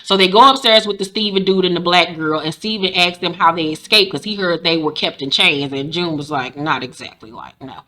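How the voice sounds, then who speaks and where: A woman recapping a TV episode in casual, profane, sassy commentary, acting out the characters' lines in quick voices. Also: on the low side, pushed and bright. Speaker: show recap host.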